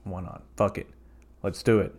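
Young male podcast host from the American South, lowish voice, swears freely, rambling comic monologue. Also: moderate pace. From southern United States. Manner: profane, rambling, jokey deadpan bits. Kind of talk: comedic solo podcast monologue.

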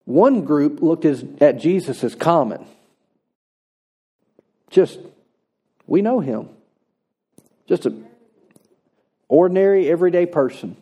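Mellow-voiced man preaching a sermon. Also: fairly high pitch, husky. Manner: earnest preaching, slows for emphasis. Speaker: pastor.

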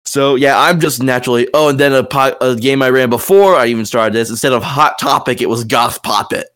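A man with a Southern US drawl chats casually as a podcast host. He rambles, circles back and restarts often, filling gaps with ums. His voice sits at an ordinary middle pitch. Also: brisk, fairly bright tone. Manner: rambling, many fillers and restarts. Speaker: podcast host and game master.

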